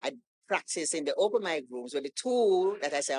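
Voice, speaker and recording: A woman guest on a podcast, telling a story in a casual, animated way and acting out the lines of the people in it. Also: low voice, a little fast. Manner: animated storytelling, acts out quoted dialogue. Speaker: guest poet.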